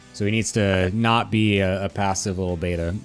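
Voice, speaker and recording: Joking, crude esports caster, low voice. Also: male voice, fairly even intonation, normal speed, clean tone, soft background music. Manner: joking, crude, laughs often. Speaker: esports caster and show host. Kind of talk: casual pre-match chat.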